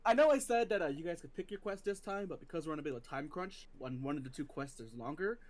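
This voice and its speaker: Man game master, a bit high-pitched, relaxed recap, trips over words. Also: fast. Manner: relaxed, explanatory, stumbles on words.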